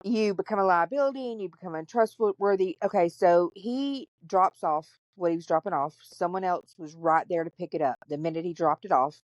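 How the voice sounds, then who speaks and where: Blunt woman, low and dry. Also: fairly quick, few pauses, dry recording, highs cut off. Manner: candid, blunt and profane, animated retelling. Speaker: podcast host. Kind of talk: casual storytelling chat.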